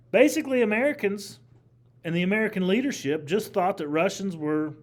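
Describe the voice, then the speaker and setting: A man's voice: a little high, animated, normal speed. A man teaching a history class, lecturing animatedly, asking the class questions and repeating key phrases.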